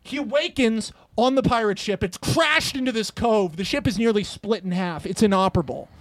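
Excitable high-voiced man spinning a wild pitch. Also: dry recording. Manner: animated, profane, acts out characters' lines in quick quotes. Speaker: comedian pitching a movie idea. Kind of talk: comedic storytelling pitch.

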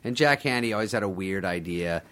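A man's voice: sits low, fairly quick. A middle-aged man, a former sketch show writer and performer, telling loose, funny stories as a guest, laughing often and swearing freely. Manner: animated, laughs often, swears freely, mimics other people. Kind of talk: casual storytelling in a podcast interview.

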